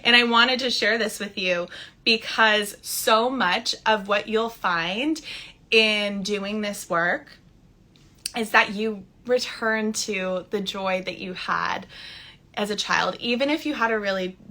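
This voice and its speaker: A bright, lively woman in her thirties talks to her viewers on a casual live stream from her phone. She speaks as a spiritual coach, warm and enthusiastic and quick to laugh. Her tone has a clear, ringing brightness. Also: medium pitch. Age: 30s.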